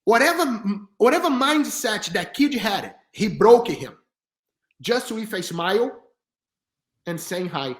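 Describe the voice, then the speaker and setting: A man telling stories as a podcast guest in an animated, chatty way, with slightly non-native grammar. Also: sits high, unhurried. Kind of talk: storytelling in casual chat. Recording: roomy echo.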